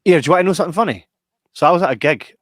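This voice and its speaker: A man's voice: a little high, rapid-fire, no echo. A Scottish man co-hosting a podcast, chatting casually and telling funny stories with lots of laughter and swearing. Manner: animated storyteller, swears and laughs often. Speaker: podcast co-host. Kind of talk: casual chat.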